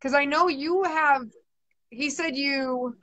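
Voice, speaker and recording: A woman's voice: high voice, takes it slowly, fairly bright tone, rough recording. A woman psychic medium giving a live reading, soothing and chatty, often repeating herself.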